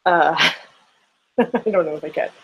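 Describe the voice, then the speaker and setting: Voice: mid-range voice, unhurried, gravelly, lo-fi sound, noisy background. A fiddle teacher giving a casual online lesson into a computer microphone, thinking aloud and counting and humming rhythms.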